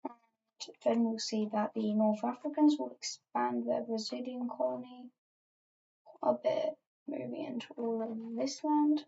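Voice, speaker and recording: A woman's voice: a little high, fairly even intonation, measured pace, creaky, dark tone, muffled recording, slight background noise. A woman casually narrating an alternate-history map as she edits it, rambling offhand with lots of fillers and asides.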